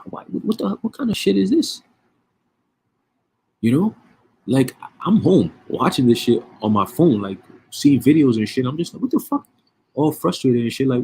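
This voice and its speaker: A man's voice: mid-range voice, a little mellow, husky. A man giving casual, profane religious commentary, streetwise and emphatic, with frequent rhetorical questions. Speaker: online preacher.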